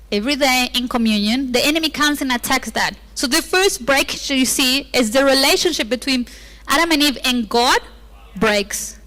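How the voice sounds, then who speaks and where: A woman's voice: high voice, pushed and bright. A woman pastor preaching a sermon with playful asides, acting out the lines she quotes. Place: church auditorium. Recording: long reverb of a church hall.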